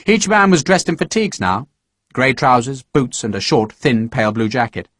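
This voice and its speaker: A man narrating an audiobook in a measured, expressive storytelling manner, recorded close to a studio microphone. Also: mid-range voice, no echo. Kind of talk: scripted narration.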